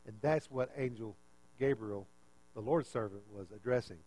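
A man preaching a conversational, animated sermon, full of rhetorical questions. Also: medium pitch, moderate pace, poor audio.

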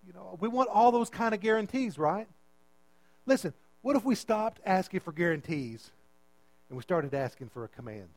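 A man's voice: high-pitched, lively intonation, normal speed, a little mellow, dry recording, poor audio. A man preaching a sermon as pastor, emphatic and repeating his phrases as he calls out to the congregation.

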